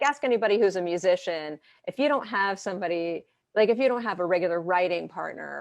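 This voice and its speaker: A woman therapist answering interview questions in a lively way, often acting out clients' quoted lines as she gives examples. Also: lowish voice, creaky, no room sound. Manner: animated, talks through examples and quoted dialogue. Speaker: therapist and coach.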